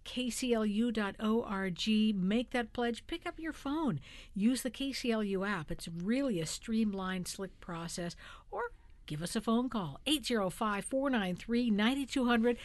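A woman's voice: medium pitch, moderate pace, dry recording. A woman public radio host making an upbeat, chatty on-air fundraising appeal. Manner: upbeat, chatty, laughs easily. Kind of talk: pledge drive on-air appeal.

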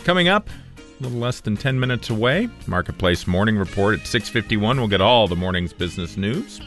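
Deep-voiced local radio host. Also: male voice, fairly quick, soft background music. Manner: relaxed, conversational, self-correcting. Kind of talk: casual radio announcing.

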